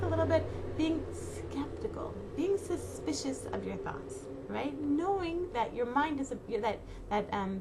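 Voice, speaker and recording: A woman's voice: on the high side, a little hiss or hum. A middle-aged woman giving casual spoken advice to mothers, talking with many fillers and restarts and acting out worried inner thoughts. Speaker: inspirational speaker to mothers.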